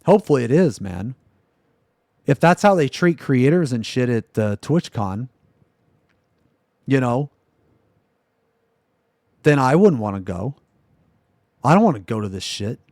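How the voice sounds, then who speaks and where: A male streamer on a live reaction stream, cursing and venting in a fed-up rant. His voice sits at an ordinary middle pitch, and it's recorded close and dry with no room sound. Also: lively intonation, unhurried, pauses often, no echo. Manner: profane, exasperated ranting, swings from loud to muttering.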